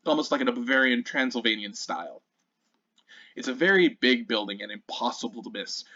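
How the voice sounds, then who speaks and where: Male game master narrating a tabletop game, animated and expressive delivery, muffled lo-fi audio. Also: medium pitch, dry recording. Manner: descriptive and animated, with occasional self-corrections. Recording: muffled lo-fi recording.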